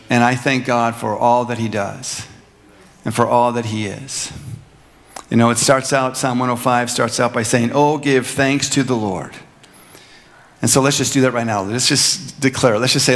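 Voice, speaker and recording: Earnest preaching pastor in a reverberant church. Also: male voice, medium pitch, steady tone, normal speed, a bit bright. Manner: earnest preaching, builds to emphatic repeated lines. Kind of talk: sermon. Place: church sanctuary. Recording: long hall reverb.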